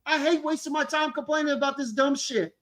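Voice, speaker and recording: Guy on a call going off, cussing a lot, repeats himself, loud and emphatic. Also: very high-pitched, a little fast. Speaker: co-host. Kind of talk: heated casual rant.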